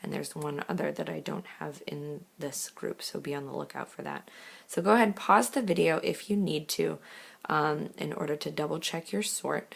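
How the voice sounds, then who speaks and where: A woman teacher giving a recorded lesson, reading words clearly one by one and explaining steps patiently. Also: low voice. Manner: slow, clear word-by-word reading; patient step-by-step instruction.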